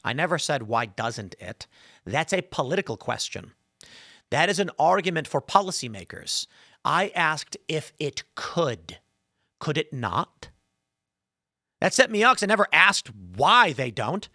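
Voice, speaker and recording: A male podcast host in an animated, sarcastic monologue, his pitch leaping up and down as he acts out both sides of an argument. His voice is bright and forceful, and the sound is dry and close. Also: measured pace, vocal fry, dry recording.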